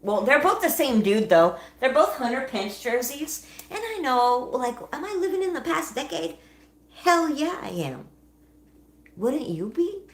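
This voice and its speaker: A woman's voice: high voice, very animated, a little slow. A young woman hosting a livestream, chatting casually, laughing often and answering her chat as she goes. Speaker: livestream host.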